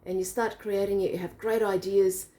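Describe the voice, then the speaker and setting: A woman's voice: medium pitch, level tone, moderate pace, mellow. A woman in a casual bedtime chat, explaining an idea through a visual demo and laughing easily. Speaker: co-host.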